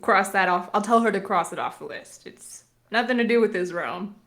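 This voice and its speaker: A woman's voice: medium pitch, normal speed, fairly bright tone. A woman roleplaying her character in a tabletop game, casual and upbeat, with lots of fillers. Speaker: player.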